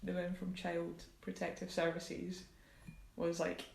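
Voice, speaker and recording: A woman's voice: lowish voice, completely flat delivery, slow pace, vocal fry, a little mellow, roomy sound, slight background noise, rough recording. A woman co-hosting a casual film chat, who makes brief, dry remarks. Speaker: podcast co-host.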